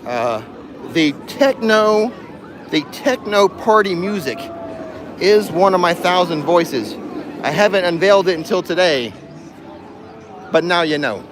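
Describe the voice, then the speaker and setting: A man with a high-pitched, lively voice speaks a little slowly and pauses often as he livestreams casually, strolling through an outdoor theme park and joking with viewers into a handheld phone. The background is noisy, with faint music and a crowd.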